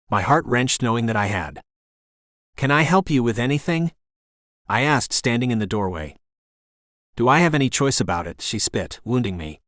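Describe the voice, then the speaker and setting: A man narrating a first-person romance audiobook in an earnest, emotional, soft-spoken way. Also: fairly low pitch, no echo, clean studio sound.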